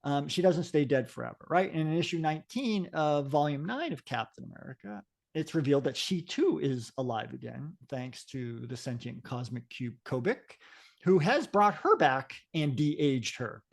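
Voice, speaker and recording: A man's voice: on the high side, lively intonation, normal speed, vocal fry. A man co-hosting a comics podcast, talking casually and rambling with lots of fillers and restarts. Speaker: podcast co-host.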